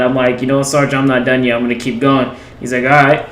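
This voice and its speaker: A man's voice: mid-range voice, level tone, a little fast, a bit bright, echoey room, slight background noise, rough recording. A young man casually telling a long personal story over gameplay, rambling with lots of restarts and fillers.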